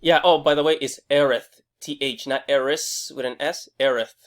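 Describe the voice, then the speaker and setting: A young man hosting a casual game review vlog, excitable and rambling, swearing freely and restarting his sentences often. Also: medium pitch, moderate pace. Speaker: gaming video host.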